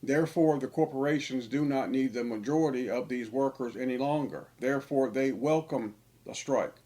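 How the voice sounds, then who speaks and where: A man's voice: medium pitch, normal speed, dark tone. A man, an online preacher delivering a sermon-style monologue, emphatic and repetitive for stress.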